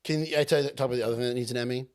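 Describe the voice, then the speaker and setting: A young man trades casual banter as a podcast co-host. He speaks in a mid-range voice, neither high nor low. He teases his partner with dry, deadpan jokes. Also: very fast. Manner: dry, teasing humor. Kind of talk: casual chat.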